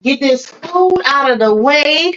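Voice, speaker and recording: A woman's voice: high voice, lively intonation, slow, fairly bright tone, a little hiss or hum. A woman hosting a casual livestream, greeting viewers by name in a chatty, laughing way, a little under the weather. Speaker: livestream host. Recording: dull lo-fi stream audio.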